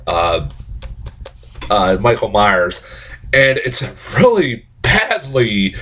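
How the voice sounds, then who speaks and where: A man's voice: mid-range voice, fairly bright tone. A man giving a casual movie review, swearing often, laughing and rambling with many restarts.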